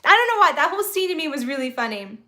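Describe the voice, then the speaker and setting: A woman's voice: high voice, very animated, racing, pushed and bright. A woman hosting a casual live stream from a phone on a tripod, rambling and reading out viewer comments as she goes. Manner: chatty, rambling, reads viewer comments aloud.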